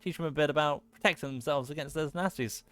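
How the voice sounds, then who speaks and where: A man's voice: on the high side, fast, a bit bright, lightly acted. A man voicing a stout, bearded male fighting trainer in a video game, folksy and friendly, who calls people lad.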